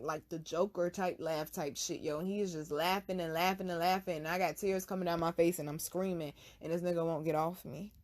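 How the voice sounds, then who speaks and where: A woman hosting her own channel, telling a personal story to camera in blunt, profane street slang, hushed one moment and loud the next. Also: on the low side. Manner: swings from hushed to loud bursts. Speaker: channel host.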